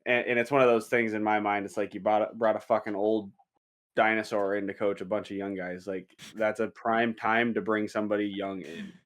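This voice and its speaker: A man's voice: on the low side, steady tone, fairly quick. A man co-hosting a casual sports podcast, rambling through his points and swearing casually. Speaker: podcast co-host.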